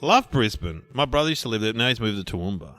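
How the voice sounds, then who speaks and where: A man's voice: on the low side, sing-song, quick pace, a bit bright. A man in his sixties with an Australian accent, telling rambling anecdotes on a casual podcast. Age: 60s. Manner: rambling anecdotes with laughs and put-on voices. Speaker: podcast co-host. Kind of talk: casual chat, storytelling.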